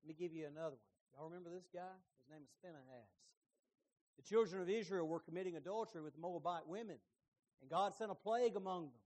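A middle-aged man preaching a sermon, telling the story with lively emphasis and folksy asides. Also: high voice, quick pace.

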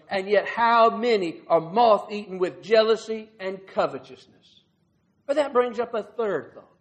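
Male preacher, very high-pitched, folksy sermon delivery with dramatic swells. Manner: earnest, folksy preaching with rhetorical questions.

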